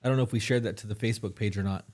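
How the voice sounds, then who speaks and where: A man's voice: lowish voice, fairly even intonation, racing, darkish tone. Rambling man co-hosting a podcast. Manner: rambling, with many fillers and restarts. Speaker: podcast co-host. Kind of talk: casual live-stream chat.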